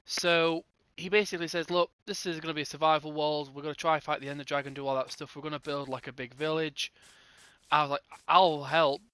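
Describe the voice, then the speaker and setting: Young dude rambling through a storytime vid, brightish higher voice, does all the other players' lines himself. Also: male voice, flat delivery, a little fast, smooth, no room sound. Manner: rambling, acts out both sides of conversations in quotes. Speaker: gaming channel host. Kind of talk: casual storytime narration.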